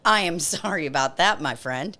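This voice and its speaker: A woman's voice: fairly low pitch, animated, normal speed, sharp tone. A woman co-hosting a podcast in casual comedic chat, joking and laughing often. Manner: joking, laughs often, leads a mock breathing exercise. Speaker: podcast co-host.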